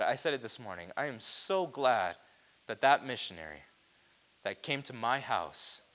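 A man preaching a sermon, impassioned, swelling loud on repeated phrases. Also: mid-range voice. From grew up on a reservation.

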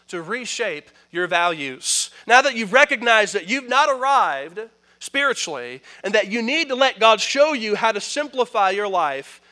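With a high, ringing voice, a male pastor delivers an emphatic sermon. He swings between hurried asides to the congregation and drawn-out, forceful, loud declarations, calling for responses from the pews.

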